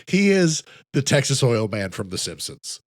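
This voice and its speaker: A man's voice: mid-range voice, big pitch swings, normal speed, dry recording. A man co-hosting a podcast, casually recapping a film's plot with dry jokes. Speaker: podcast co-host. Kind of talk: casual film discussion.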